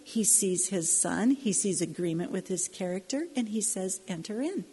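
Woman teaching scripture, earnest and personal, husky voice, hall echo. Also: mid-range voice, mellow. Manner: earnest, personal, slows down to stress points. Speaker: Bible teacher. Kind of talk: conversational Bible teaching.

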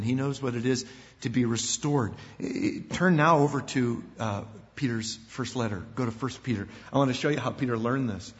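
An older man, a pastor, preaching a sermon in an animated way, acting out quoted voices and often repeating words. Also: mid-range voice. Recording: dull sound with long hall reverb.

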